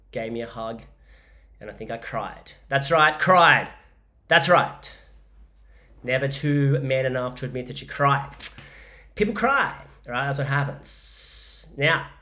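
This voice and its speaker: A man's voice: medium pitch, a bit bright. An Australian man in his forties hosting a casual solo podcast, telling stories in a rambling, jokey way with lots of fillers. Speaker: podcast host and business coach.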